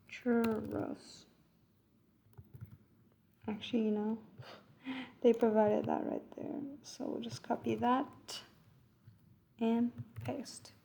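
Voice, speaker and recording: In a screen-recorded coding walkthrough, a woman who tutors coding talks herself through an exercise, fixing her own mistakes and muttering code as she types. She has a mid-range, gravelly voice with a dark tone, and there's a slight hiss or hum.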